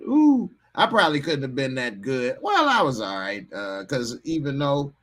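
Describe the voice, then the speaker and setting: A man's voice: mid-range voice, a bit bright. A man hosting a casual live stream, laid-back and chuckling as he greets chatters. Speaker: livestream host.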